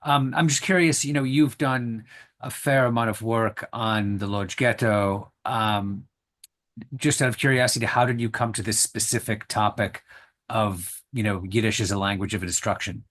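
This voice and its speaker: Hesitant, low-voiced male moderator. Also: fairly even intonation, normal speed, fairly bright tone. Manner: hesitant, many fillers and restarts. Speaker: moderator of a lecture Q&A. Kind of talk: online lecture Q&A over video call. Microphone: video call.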